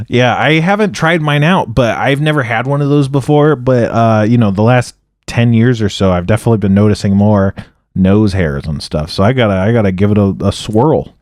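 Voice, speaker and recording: A man's voice: fairly low pitch, moderate pace, a little mellow, dry recording, clean studio sound. A man co-hosting a podcast in casual chat, easygoing and rambling with lots of hedges. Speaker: podcast co-host.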